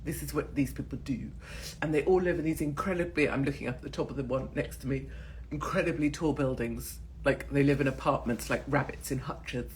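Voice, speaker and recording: A woman's voice: low voice, a little mellow, slight background noise. A woman in her forties with an English accent, ranting to camera in a blunt, profane and mocking casual monologue. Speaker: channel host. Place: in Miami.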